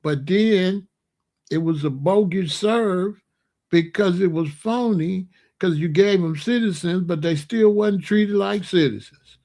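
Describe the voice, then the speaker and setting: A man's voice: high voice, takes it slowly, mellow. A man hosting a casual monologue, talking in a loose, joking, rambling way. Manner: loose, joking and rambling, laughs at own jokes. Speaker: host.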